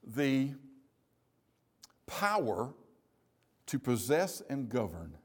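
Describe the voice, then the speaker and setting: A man preaching a sermon in a church, slowing down to stress key phrases. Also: mid-range voice, very animated, slightly rough. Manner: measured, emphatic preaching with slow stressed phrases.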